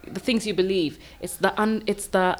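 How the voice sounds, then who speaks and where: A woman's voice: mid-range voice, moderate pace. A woman hosting a casual podcast chat, talking freely, laughing easily and correcting herself as she goes.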